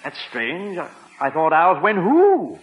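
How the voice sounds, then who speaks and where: A man's voice: a little high, huge pitch swings, slow pace, noisy background, exaggerated voice. A man with an English accent playing a wry butler who stammers when flustered and drops dry wisecracks.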